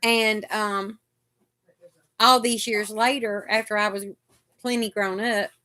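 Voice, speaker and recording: A woman's voice: mid-range voice, fairly even intonation, slow pace, pushed and bright. A middle-aged woman, hosting a casual live chat and telling chatty stories, acting out what the doctors said. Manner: chatty storyteller, acts out the doctors' lines.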